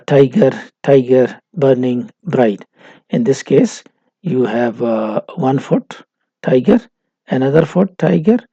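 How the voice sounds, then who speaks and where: A man giving a recorded university lecture, slow and halting with many fillers. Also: mid-range voice, warm tone, breathy edge, dry recording, poor audio.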